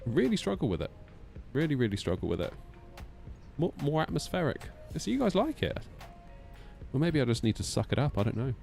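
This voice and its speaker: A man's voice: medium pitch, wildly swooping pitch, fairly quick, gravelly, darkish tone, soft background music. A man streaming a flight sim, chatting casually, teasing himself and answering chat aloud. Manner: chatty, self-mocking, reads chat aloud.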